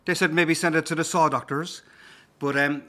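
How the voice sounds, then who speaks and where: A singer-songwriter with a Cork Irish accent, chatting loosely and telling anecdotes between songs, with plenty of "um" and "uh". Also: male voice, fairly high pitch, fairly even intonation, normal speed, bright, forceful tone. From Cork, Ireland. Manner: rambling, easygoing anecdotes with filler words.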